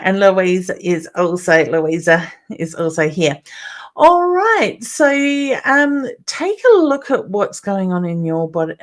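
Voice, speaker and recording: A woman with an Australian accent hosting a live stream as a psychic medium, reading out viewer comments and greeting people by name in a chatty, affectionate way. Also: on the low side.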